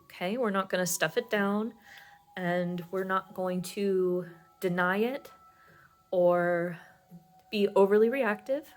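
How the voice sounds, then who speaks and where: A woman's voice: mid-range voice, slow, long pauses. A woman giving a pick-a-card tarot reading, talking in a soothing, reassuring way with many fillers.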